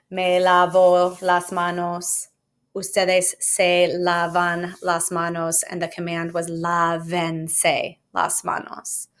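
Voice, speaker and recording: A woman's voice: lowish voice, a bit bright. A woman teaching a recorded Spanish grammar lesson with jokey, playful asides.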